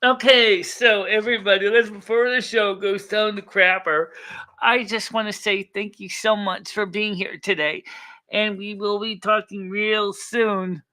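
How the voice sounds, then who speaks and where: A woman's voice: medium pitch, fairly even intonation, measured pace, bright, forceful tone. A woman hosting a live chat stream, telling stories in a chatty, gossipy way with frequent laughter. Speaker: livestream host. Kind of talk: casual chat.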